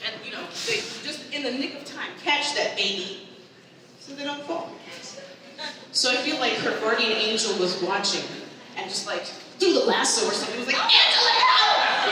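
Animated woman telling a stand-up story. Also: a little high, moderate pace. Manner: animated storytelling, acts out her mother's voice. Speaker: stand-up comedian. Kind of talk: stand-up comedy set. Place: comedy event hall with live audience. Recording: echoey hall, far from mic, audible room noise.

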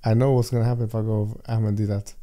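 A man's voice: on the low side, little pitch movement, rapid-fire, warm tone. A man with a London accent, a guest on an interview show, chatting casually and thinking aloud as he restarts his sentences. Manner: thoughtful, restarts often, laughs easily. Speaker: guest, debater.

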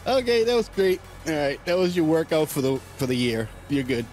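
A man's voice: on the high side, sing-song, brisk, darkish tone, a little hiss or hum. A man co-hosting a gameplay chat, teasing his partner and laughing often. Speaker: gaming co-host.

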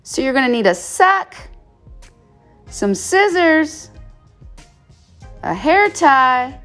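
A chatty woman vlogger with a high, light voice tells stories and talks through a hair tutorial with lots of animation. Soft music sits faintly underneath. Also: sing-song, drawn-out words. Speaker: beauty vlogger. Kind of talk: casual storytelling and hair tutorial.

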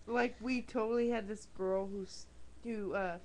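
Young woman, mid-pitched voice, chatty webcam talk, faint hiss behind. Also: fairly even intonation, unhurried, darkish tone, rough recording. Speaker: webcam vlogger. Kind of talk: casual chat. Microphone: webcam mic.

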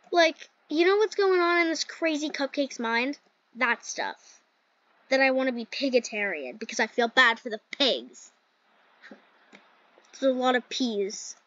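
A woman's voice: high-pitched, sharp tone, no room sound. A woman hosting a gaming channel, chatting casually and giggling through gameplay commentary with lots of "like" fillers. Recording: dull lo-fi dry sound.

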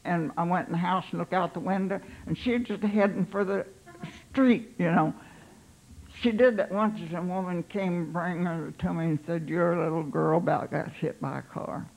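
An older woman, a pastor's wife, telling her life story in an unhurried, halting way, voicing her own thoughts aloud. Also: on the low side, steady tone, vocal fry, a little mellow, low-quality recording.

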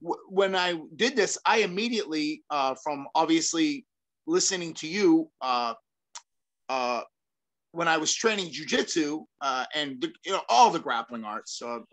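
A middle-aged man, a former fighter, talking as an interview guest in an energetic, rambling way, with many restarts, fillers and casual swearing. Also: fairly high pitch, measured pace. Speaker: guest, former fighter and self-defense trainer.

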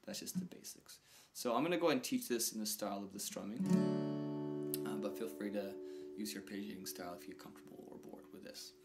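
A man's voice: fairly low pitch, quick pace. A man giving a casual guitar lesson, counting beats aloud and calling out chords as he plays. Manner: relaxed, counts beats aloud over strumming. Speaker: guitar teacher. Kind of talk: casual instructional talk. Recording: talk over loud acoustic guitar.

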